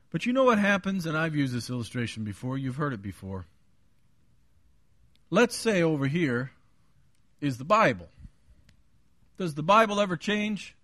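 A man preaching a sermon, booming when he quotes scripture, dropping low on his asides, and joking with the congregation. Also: big pitch swings, normal speed, long pauses, fairly bright tone, no echo, clean studio sound. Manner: jokes with the congregation. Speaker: pastor.

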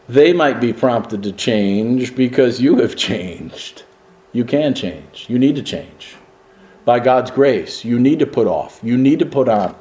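A man preaching a sermon with emphatic delivery, dropping low and then rising to loud exclamations. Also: reverberant. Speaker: pastor.

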